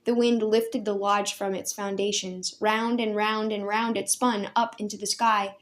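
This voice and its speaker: A woman's voice: mid-range voice, level tone, a little slow. Woman reading a storybook aloud. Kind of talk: storybook read-aloud narration.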